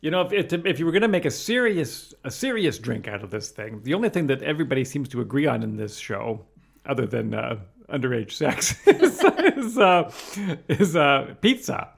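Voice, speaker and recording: Husky, gravelly male podcast co-host. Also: medium pitch, very animated, moderate pace. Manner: rambling, playful, lots of restarts. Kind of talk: casual chat.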